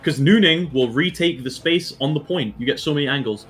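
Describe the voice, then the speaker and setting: A man's voice: a little high, a little fast, a bit bright. A man coaching his esports team through a match review, direct and blunt, swearing freely and checking in with his players often. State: has the hiccups.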